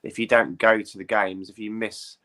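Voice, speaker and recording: A man's voice: fairly low pitch, a little hiss or hum. A man in casual football chat, talking in a chatty, opinionated way. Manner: chatty, animated, quick to opinion.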